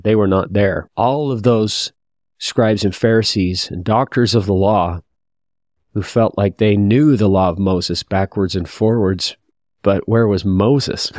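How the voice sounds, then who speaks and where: A man's voice: low-pitched, darkish tone, dry recording, clean studio sound. A man teaching a scripture lesson, reading verses aloud and reflecting in a confessional, thoughtful way.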